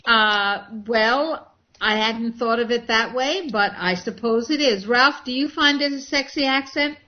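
A woman's voice: a little high, a little slow, highs cut off, noisy background. A woman hosting a casual online talk show, effusive and elaborate in her phrasing. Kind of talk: casual chat.

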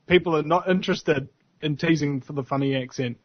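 A New Zealand man talks in a slightly higher voice, chatty and rambling, with plenty of animated asides. His voice is dry and a little dull, like it comes through an online call mic. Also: brisk, no room sound. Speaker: panelist monitoring the chat. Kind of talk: casual online panel talk. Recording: muffled, dry online audio.

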